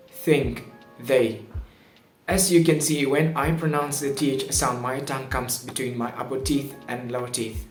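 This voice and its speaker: Man, pronunciation teacher, slow deliberate delivery, over-enunciated drills, echoey room, faint background music. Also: mid-range voice.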